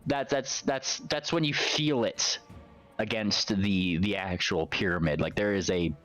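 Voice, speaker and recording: A man's voice: fairly low pitch, a little slow, fairly bright tone, soft background music. A man narrating as game master in a tabletop game stream, rambling with lots of fillers and restarts.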